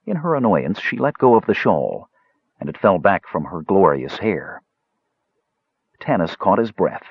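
A man narrating a fantasy audiobook in a measured, expressive reading on a dull, dry, lo-fi recording. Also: deep voice, breathy edge, dry recording. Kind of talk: scripted narration.

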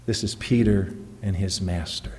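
A man's voice: sits low, fairly even intonation, a little slow, a little mellow, long reverb tail. A man who is a pastor preaching a sermon in an earnest, emphatic way, often stopping to check in with the congregation through rhetorical questions.

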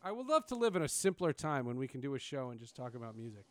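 A man's voice: medium pitch, fast, no echo. A man, hosting a casual interview and telling stories with lots of fillers and restarts. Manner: animated storyteller, many fillers and restarts. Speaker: podcast host.

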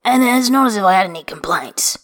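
A woman reading the lines of a gruff, easygoing man with an offhand manner. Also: medium pitch, animated, brisk, lightly acted.

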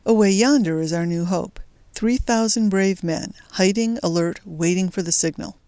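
A woman's voice: medium pitch, normal speed, dark tone, no room sound, natural voice. A woman voicing an earnest young male resistance fighter who speaks with urgency. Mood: urgent.

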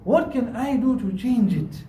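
A man's voice: very high-pitched, animated, a little slow, dark tone. A man giving a Friday sermon as imam in a mosque, earnest and repetitive, weaving in Arabic and Urdu phrases. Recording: echoey hall, distant mic.

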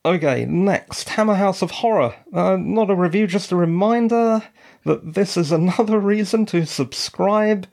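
Slow, gravelly-voiced male podcast host. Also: sits high. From United Kingdom. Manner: chatty, wry asides. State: voice cracking slightly. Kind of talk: casual solo podcast talk.

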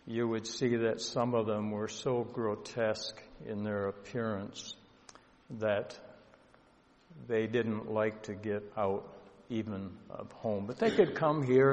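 A male pastor telling a story in a sermon, slow and earnest, with emotion rising at times. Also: medium pitch. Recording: dull lo-fi sound with long hall reverb.

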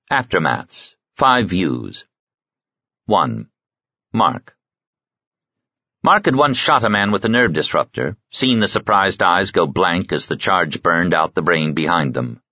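A man narrating an audiobook in a measured, somber way. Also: low voice, bright, forceful tone, no room sound. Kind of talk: scripted narration. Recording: dry, dull lo-fi audio.

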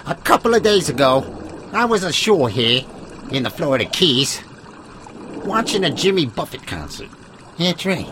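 Over a noisy background, a man with a voice on the high side hosts a mock news broadcast. He plays a comedy news host, delivering it in a hammy, rambling, folksy announcer style.

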